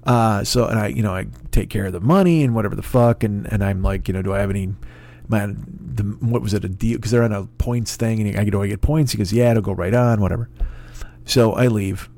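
A man's voice: on the low side, brisk, creaky, a little mellow. A man in a casual podcast monologue, telling an exasperated, profane story and acting out both sides of the conversation. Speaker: podcast host.

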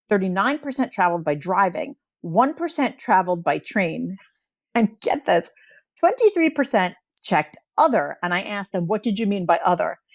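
A woman's voice: on the low side, no echo, studio quality. A woman co-hosting a podcast, chatting through survey results with lots of likes and you-knows. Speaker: podcast co-host. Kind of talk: casual podcast talk presenting survey results.

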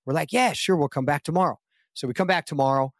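A man's voice: on the high side, quick pace, no room sound, studio quality. A man telling a long anecdote in a casual podcast interview, acting out quoted lines with a lifted voice. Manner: animated anecdote-telling, acts out quotes in raised voice. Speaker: guest actor.

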